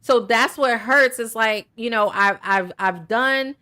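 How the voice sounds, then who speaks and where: Bright-voiced woman host. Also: fairly high pitch, a little slow. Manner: earnest, encouraging, repeats "right?". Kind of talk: casual talk show conversation.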